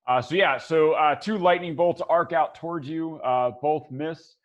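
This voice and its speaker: A man narrating as game master, relaxed, thinking aloud with lots of ums and uhs. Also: a little high, a little slow, highs cut off.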